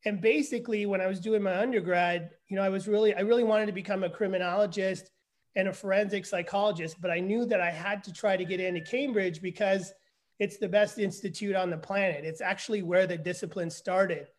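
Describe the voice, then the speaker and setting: A man in his fifties from Canada tells his life story with self-deprecating humor, his voice pitched high for a man. He talks in a lively, animated way as a guest in a relaxed conversation. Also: brisk. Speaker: guest, forensic psychologist. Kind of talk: casual interview conversation.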